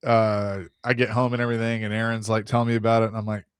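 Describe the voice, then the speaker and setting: A man's voice: lowish voice, level tone, fast, smooth, no room sound, clean studio sound. Easygoing male sports radio co-host. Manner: easygoing, chuckles often. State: sore voice from shouting. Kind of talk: casual sports radio banter.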